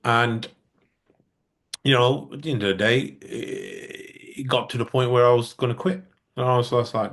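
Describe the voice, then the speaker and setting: A man's voice: medium pitch, moderate pace. A man, a musician guest telling stories in a casual interview and acting out the dialogue he quotes. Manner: lively storyteller who acts out quoted dialogue.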